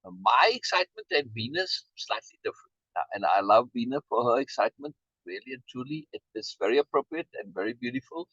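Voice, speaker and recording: A man's voice: mid-range voice, big pitch swings, quick pace, few pauses, fairly bright tone, husky, no room sound, muffled recording. A man musing reflectively in a casual video meeting, stammering and repeating words as he talks. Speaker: meeting participant being honored.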